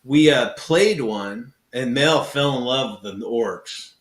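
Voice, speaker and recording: A man in a casual gamer chat, easygoing and quick to agree and laugh. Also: mid-range voice, a little hiss or hum.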